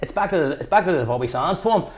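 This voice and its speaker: A man's voice: on the high side, quick pace. A man in his fifties with a Belfast accent, a guest in an interview telling his stories with passion and acting out what people said. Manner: passionate, animated storyteller who acts out quotes. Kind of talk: conversational interview.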